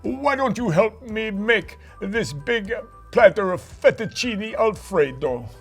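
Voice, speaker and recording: A man voicing a cheerful young male puppet who tells a cooking story in a chatty, excitable way for a children's puppet show. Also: sits high, slow pace, soft background music, full character voice. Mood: excited storytelling.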